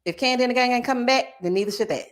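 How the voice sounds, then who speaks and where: A woman in her forties hosting a live stream, chatting casually with her viewers and reading their comments aloud, sassy and animated, laughing often. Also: a little high, racing. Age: 40s. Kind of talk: casual chat.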